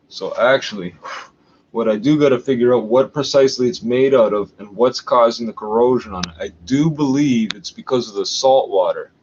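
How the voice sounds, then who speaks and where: A Canadian man thinks aloud in a loose, profane ramble, reading bits of a catalog out loud between asides. His voice sits in a middle pitch. The recording is slightly dull, with a faint hiss behind it. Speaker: vlogger. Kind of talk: rambling coin-collecting vlog. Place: at home.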